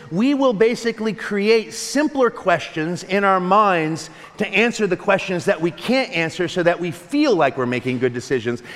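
A man preaching a sermon as a pastor, animated and conversational, with laughing asides. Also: high-pitched, long reverb tail.

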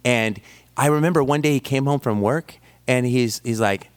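A man delivers a sermon with a smooth, resonant voice at an ordinary middle pitch. He leans on animated personal stories and pokes fun at himself as he preaches. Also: normal speed. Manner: animated storytelling with self-deprecating humor. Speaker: pastor.

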